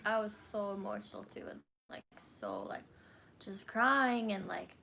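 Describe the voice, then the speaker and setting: A woman's voice: medium pitch, huge pitch swings, measured pace, creaky, crowd noise. A woman guest talking casually about her early days as a new mother, rambling with lots of "like". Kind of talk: casual chat.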